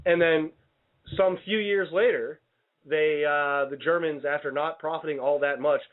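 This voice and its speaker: A man's voice: on the high side, fairly even intonation, unhurried. Man hosting banter over a tinny line. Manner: rambling, stumbling restarts, mock-indignant. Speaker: radio show host. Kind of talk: casual comedic radio banter. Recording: tinny phone-like radio sound.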